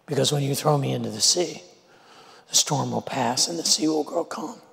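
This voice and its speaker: A preacher voices a calm runaway prophet, lower and quieter than his own voice. The voice is steady and gravelly, with long reverb behind it. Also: moderate pace. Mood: resigned.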